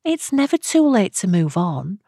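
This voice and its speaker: A woman narrator voicing a soothing radio advice host of about fifty who speaks gently to her callers. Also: mid-range voice, very animated, a little slow, no room sound, clean studio sound, voice pushed up. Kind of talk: audiobook character reading.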